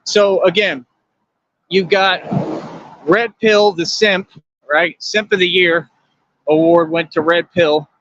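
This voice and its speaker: A man's voice: high-pitched, steady tone, takes it slowly, long pauses, a bit bright, dry recording, lo-fi sound. A man hosting a livestream, lecturing his viewers in a confrontational, repetitive rant. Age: adult. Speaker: livestream host.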